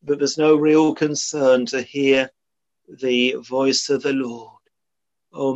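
A man's voice: mid-range voice, fairly bright tone. A man preaching a sermon in a solemn, earnest way, often quoting old scripture. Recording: dull lo-fi sermon recording.

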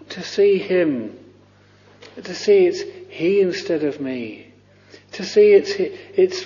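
A man's voice: medium pitch, darkish tone. A man preaching a sermon with fervent cries of "oh" and many repeated words. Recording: lo-fi recording with long reverb.

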